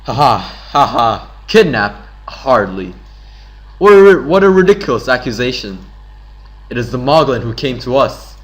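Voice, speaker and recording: A man's voice: medium pitch, sing-song, normal speed, close to an everyday voice, poor audio. A man reading aloud as a scornful, condescending villain scientist in a game. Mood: sneering. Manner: sneering and condescending.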